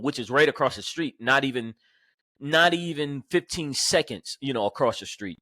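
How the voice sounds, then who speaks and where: Halting man telling his story, dry sound. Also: medium pitch, fairly bright tone, dry recording. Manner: halting, full of fillers and restarts. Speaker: police corporal, podcast guest. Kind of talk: personal storytelling in an interview.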